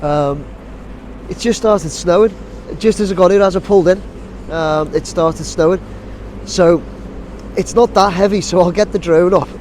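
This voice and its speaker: A man's voice: sits high, steady tone, moderate pace, darkish tone. A man with a blocked nose from a cold, chatting casually and rambling with many ums and restarts, outdoors by a busy building site. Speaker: drone vlogger. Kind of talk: casual outdoor vlog chat. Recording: faint outdoor site noise. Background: faint site and traffic noise, wind.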